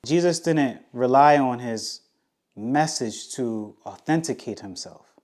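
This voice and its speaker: A man's voice: expressive, takes it slowly, darkish tone. A man giving a casual, emphatic teaching on scripture, acting out quoted lines and often restarting his sentences. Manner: casual, emphatic, acts out quotes with rising pitch; frequent restarts and slang. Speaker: Bible teacher.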